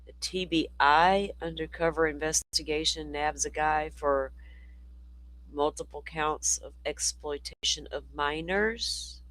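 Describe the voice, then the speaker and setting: A man's voice: fairly high pitch, a little slow, bright, forceful tone, no room sound, low-quality recording. Tired, chatty man livestreaming. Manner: chatty, rambling, talks to chat. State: tired voice from talking all day. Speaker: livestream host. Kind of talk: casual live commentary.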